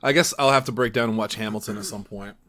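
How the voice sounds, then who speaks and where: A man's voice: fairly low pitch, steady tone, quick pace, a bit bright. A man hosting a casual comedy podcast, rambling and stumbling through restarts with a chuckle. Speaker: podcast host.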